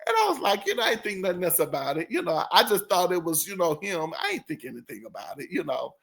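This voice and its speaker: A man's voice: high voice, big pitch swings, fast talker, vocal fry, fairly bright tone. A man hosting his own channel, telling a story casually in a rambling way, laughing often and imitating the people in it. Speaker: channel host.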